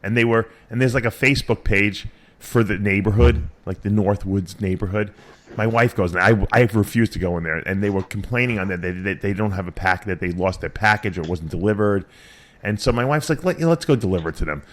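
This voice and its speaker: A man's voice: lowish voice, a little fast. A middle-aged man hosting a radio show, telling rambling stories in casual, profane chat.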